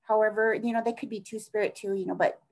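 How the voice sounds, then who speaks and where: A woman's voice: medium pitch, steady tone, fast talker, a little mellow, poor audio. A middle-aged woman speaking as an interview guest in an earnest, rambling way, often trailing off and restarting her thoughts. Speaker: interview guest, task force advocate. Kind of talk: conversational interview.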